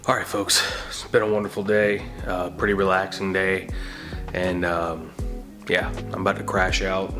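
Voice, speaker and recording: A relaxed man with a drawl talks through his cooking in a loose, rambling vlog style, full of easy fillers. His voice sits a little low. Clear music plays behind him, with food sizzling in the pan. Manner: laid-back, chatty, rambling with fillers. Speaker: vlogger. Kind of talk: casual vlog chat. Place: home kitchen.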